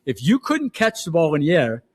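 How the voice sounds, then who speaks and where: An older man, a football coach telling stories on a podcast, laughing and acting out shouted quotes. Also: on the high side, wildly swooping pitch, normal speed. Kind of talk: casual storytelling.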